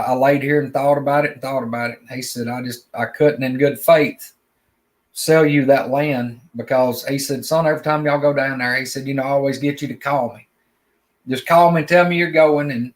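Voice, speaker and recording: A man, telling a long personal story in plain, drawling talk, often repeating words as he goes. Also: medium pitch. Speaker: guest storyteller. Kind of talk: casual spoken storytelling.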